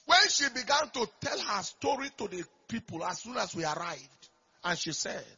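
A pastor preaches in a raspy, strained voice that sits high and gravelly. His storytelling is emphatic, swelling in force at key moments. The recording is dull and lo-fi. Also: big pitch swings, normal speed, pushed and bright. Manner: emphatic storytelling, surges in volume. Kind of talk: sermon.

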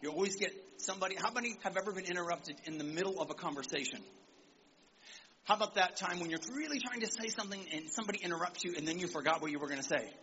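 An animated male preacher delivering a sermon to young people, with a high, bright voice. He calls out for amens and acts out quotes as he goes. The recording sounds a bit muffled, with a faint hiss behind him. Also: very fast. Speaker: visiting preacher. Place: church service in Nigeria.

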